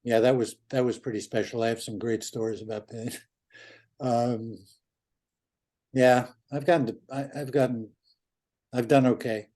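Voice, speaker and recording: Older guy in his seventies, guest on a podcast, easygoing and blunt, average pitch. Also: steady tone, moderate pace, pauses often, warm tone. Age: 70s. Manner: easygoing, blunt, swears casually. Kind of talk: casual interview chat.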